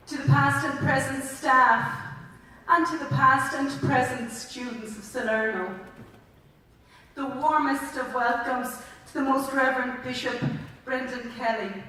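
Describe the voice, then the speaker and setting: A woman's voice: high-pitched, a bit bright. An Irish woman, a school principal, giving a heartfelt, chatty ceremony welcome speech with some stumbles, in a large indoor sports hall. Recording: echoey hall from far off.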